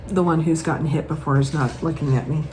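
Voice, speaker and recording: A woman chatting casually at home as host, showing off her purchases in a rambling, animated way. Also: low-pitched, fairly quick, noisy background.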